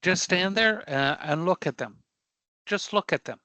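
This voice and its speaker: A man leads an online career class in a bright, somewhat high voice that sounds close and dry. He is blunt and emphatic, brushing off angry customers as no big deal and checking in with the class again and again. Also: lively intonation, measured pace, no echo, rough recording. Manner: emphatic, checks in with frequent rhetorical questions. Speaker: career prep instructor. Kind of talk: live online class lecture.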